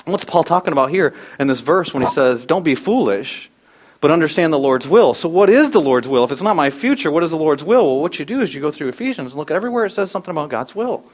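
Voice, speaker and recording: A middle-aged male pastor preaching a sermon, telling a personal story with animated shifts and acted-out quotes. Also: on the high side, quick pace.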